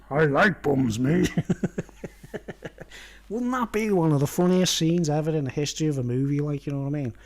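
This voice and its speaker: A man's voice: fairly high pitch, a little mellow. Rambling, chuckling man. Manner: rambling, laughing at his own jokes, constant "you know what I mean". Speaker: vlogger. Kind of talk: casual rambling monologue.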